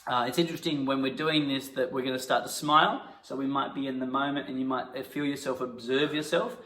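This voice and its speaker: A man leads an acting class, switching between calm coaching and sudden loud, mock-outraged improvisation. His pitch sits in a middle range. The sound carries a noticeable room echo. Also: a little fast. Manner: bursts into loud indignant outbursts during scenes. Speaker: acting teacher. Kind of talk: acting lesson with improvised scenes. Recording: echoey room.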